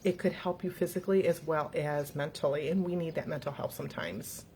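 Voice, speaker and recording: A woman's voice: low voice, fairly even intonation, brisk, mellow, slight background noise. A middle-aged woman hosting a casual motivational talk for viewers, speaking earnestly and encouragingly and laughing easily. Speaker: host.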